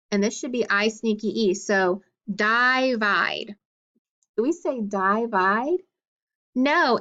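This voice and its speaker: A woman's voice: on the high side, sharp tone, highs cut off. A woman teacher giving a phonics lesson to young students, patient and questioning as she sounds out words.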